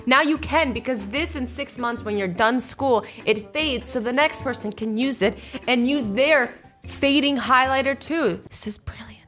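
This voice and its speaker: A bubbly young woman in her twenties chatting through a casual reaction vlog from home, acting out little scenes as she goes. Her voice sits fairly high, and soft music plays faintly behind her. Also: a little slow. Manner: bubbly and animated, acts out little quoted scenarios. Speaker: YouTuber reacting to invention ideas.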